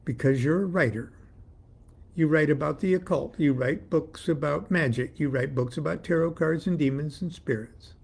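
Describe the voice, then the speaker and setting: A man voicing a mysterious male secret master who teases and speaks in pompous riddles, with a husky, creaky voice. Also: a little high, moderate pace, a little mellow. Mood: brisk, smug. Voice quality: phony European accent at first, later plain. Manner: cryptic, mocking, pompous.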